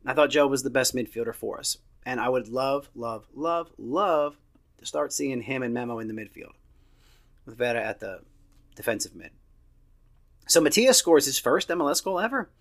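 Casual podcast host, man in his thirties, mid-pitched, blunt and opinionated with casual swearing. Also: animated, a little fast, pauses often, fairly bright tone. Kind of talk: casual solo match review.

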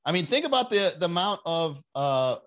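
A young man hosting a casual podcast livestream, rambling and joking, and slipping into quick put-on voices. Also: a little high, big pitch swings, fairly bright tone. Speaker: podcast host.

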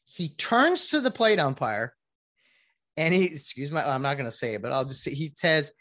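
A woman's voice: low-pitched, big pitch swings, moderate pace, a bit bright. A woman ranting casually to viewers about sports, rambling with many restarts and asides. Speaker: sports commentator.

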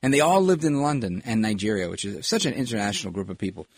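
A middle-aged male talk host with a husky voice who rambles through opinionated political commentary and wanders off on tangents. His pitch swings widely as he talks. The sound is dry and close, with no room around it. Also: quick pace, dry recording. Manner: rambling, animated, digressive.

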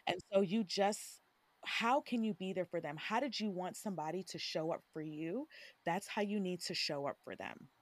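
A woman who is an OB-GYN guest on an interview, giving earnest advice and thinking out loud. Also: fairly low pitch, normal speed, no room sound. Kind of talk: casual conversational interview.

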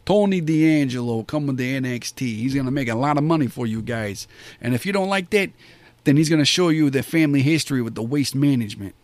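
A man doing a boastful wiseguy gangster voice, all swagger and quiet threat, with a tough mob-movie accent. The voice is dry and close, with no room sound. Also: medium pitch, expressive, a little fast, no room sound, lightly acted. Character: boastful wiseguy mobster, adult man, Italian-American gangster voice.

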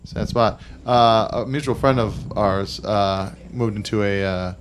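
A man's voice: lowish voice, a little slow. A man hosting a casual podcast, rambling and cursing, with lots of fillers. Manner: rambling, swears, many fillers. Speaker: podcast host. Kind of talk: casual chat. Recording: noisy recording.

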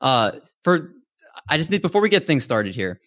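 A man's voice: a little high, sing-song, moderate pace, fairly bright tone, dry recording, studio quality. A man hosting a podcast, chatting casually with upbeat, hyped introductions over a remote call mic. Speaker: podcast host.

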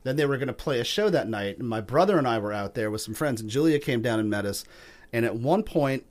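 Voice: medium pitch, expressive, fast talker. A podcast host in casual chat, laughing along with the guest and telling an anecdote of his own.

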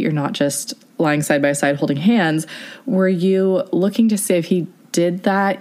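A woman's voice: fairly low pitch, mellow. A woman hosting a casual interview podcast, asking long, supportive questions. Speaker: podcast host.

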